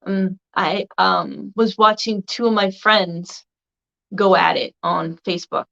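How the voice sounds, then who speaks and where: A woman's voice: lowish voice, slow pace, creaky, sharp tone. A woman vlogger recording a casual video response, rambling along with a slightly crackly voice. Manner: rambling, meandering delivery. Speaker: video blogger. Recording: dull lo-fi recording.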